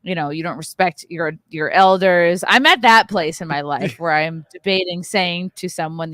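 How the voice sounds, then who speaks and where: Bright-voiced, foul-mouthed woman host ranting. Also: lowish voice, normal speed, few pauses, dry recording. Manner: profane, ranting storyteller. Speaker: podcast host. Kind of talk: casual chat. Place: hotel bar.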